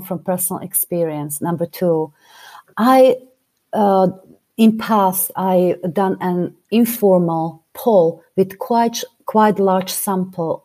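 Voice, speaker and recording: A woman's voice: medium pitch, mellow. A woman speaking English with a foreign accent, a business coach giving emphatic interview answers point by point. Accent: non-native English accent. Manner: emphatic, builds points in numbered steps.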